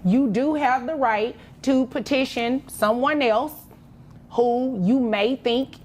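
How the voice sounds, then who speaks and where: A woman's voice: high-pitched, takes it slowly, a little mellow, a little hiss or hum. A woman judge on a televised court show, ruling in a firm, matter-of-fact way.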